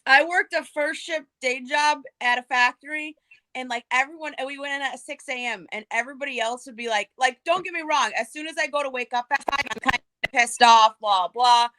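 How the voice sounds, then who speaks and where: High, bright-voiced woman swearing casually. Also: fairly quick, no room sound, poor audio. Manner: animated, profane. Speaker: co-host. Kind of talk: casual chat.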